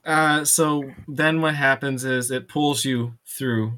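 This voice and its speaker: A man narrates a tabletop role-playing game as its game master. He talks slowly and haltingly, stopping often for fillers while he works out what happens next. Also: medium pitch, steady tone, sharp tone. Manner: hesitant, full of ums and pauses.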